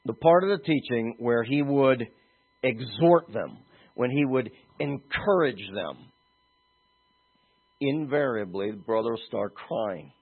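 A man preaching a sermon, talking animatedly and moving from soft, slow stretches to emphatic ones. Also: mid-range voice, animated, husky. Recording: tinny phone-like audio.

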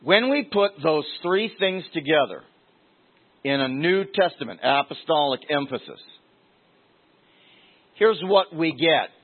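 A man with a fairly high voice preaches a sermon in a loose, conversational way, circling back and repeating his key phrases to drive them home. The sound is thin and tinny, as if it came through a phone line. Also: animated, a little slow, long pauses.

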